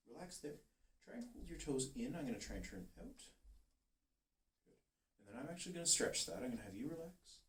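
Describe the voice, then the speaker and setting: A man working as a chiropractor, calmly talking a patient through muscle tests and encouraging her step by step. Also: a little high, vocal fry. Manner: calm, steady, encouraging coaching. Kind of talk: giving instructions during a treatment session. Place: treatment room. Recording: roomy, distant, faint hiss.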